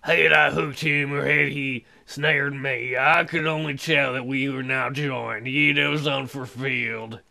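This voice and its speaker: A man's voice: medium pitch, steady tone, sharp tone, heavily acted. A man doing a dreamy British woman performance artist. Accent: British, put on. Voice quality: slow, gravelly, dreamy delivery. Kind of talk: reading video game dialogue aloud.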